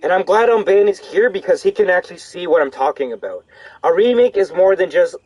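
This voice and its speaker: A young man streaming a horror game, rambling casually to chat with animated, profane commentary. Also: high voice, brisk, no room sound. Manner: rambling, animated, swears freely. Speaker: gaming streamer.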